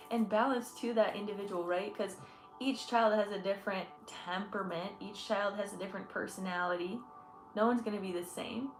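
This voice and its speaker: A woman in her twenties from Michigan, an energy healer, hosts a casual livestream chat, talking effusively, laughing often and thanking viewers. Her voice is medium-pitched, in an echoey room.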